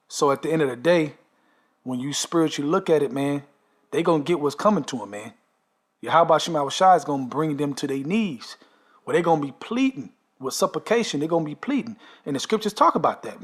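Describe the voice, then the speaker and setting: Emphatic man, slightly high voice. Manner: emphatic, repeats "man" and "okay". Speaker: storyteller recounting a dream. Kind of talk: casual monologue.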